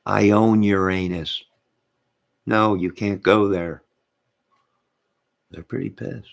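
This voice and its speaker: A man's voice: on the low side, steady tone, takes it slowly, creaky. A man hosting his own channel, rambling to his live chat, reading out comments and laughing to himself. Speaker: channel host.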